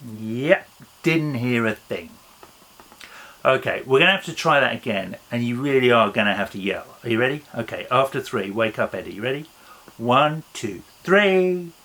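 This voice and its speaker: A man's voice: mid-range voice, animated, moderate pace, sharp tone. A man presenting a playful children's talk in an online church service, upbeat and joking as he banters with a silent puppet. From England.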